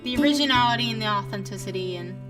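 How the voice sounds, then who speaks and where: A woman's voice: mid-range voice, racing, far from the mic, music in the background. A young woman, a singer-songwriter, chatting casually with her livestream viewers, rambling with lots of fillers.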